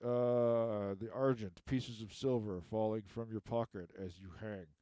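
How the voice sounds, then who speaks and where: A man's voice: lowish voice, steady tone, measured pace, warm tone, clean tone, no room sound. A man delivering a rambling comic monologue, constantly tacking "okay?" onto his sentences. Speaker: comedian recapping a film.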